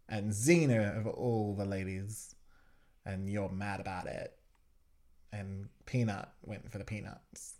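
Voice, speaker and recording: A man's voice: lowish voice, fairly even intonation, takes it slowly, darkish tone. A man hosting a podcast, giving joking watch-along commentary and teasing the scenes with frequent giggles. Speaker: podcast host.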